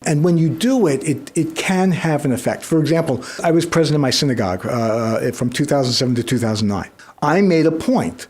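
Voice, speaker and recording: A man's voice: fairly high pitch, expressive, brisk, darkish tone. A man talking as a guest in an interview, telling stories and repeating words as he starts his sentences. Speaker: guest, kindness program creator. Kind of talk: conversational interview storytelling.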